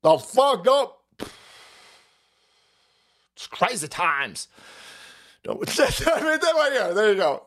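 A man hosts his own livestream, tearing into the news in a foul-mouthed, mocking rant. His voice sits a little high and swings widely up and down as he laughs his way through it. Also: big pitch swings, slow pace, long pauses, a bit bright. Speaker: livestream host. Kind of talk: profane political rant on a livestream.

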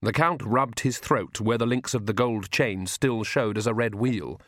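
A man giving scripted audiobook narration in a measured, wry manner. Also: on the low side, a bit bright, dry recording, clean studio sound.

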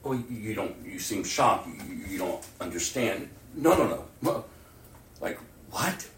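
A man preaching a sermon as pastor, animated, swinging between loud outbursts and near-whispers. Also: fairly low pitch, moderate pace, slight background noise. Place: church. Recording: roomy and distant mic with faint ambience.

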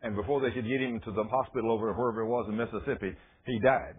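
A man preaching a sermon who tells a story dramatically and drops to a hush when he quotes someone. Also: lowish voice, rapid-fire, slightly rough. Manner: dramatic retelling, dropping to hushed tones for quotes. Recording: tinny phone-like radio broadcast.

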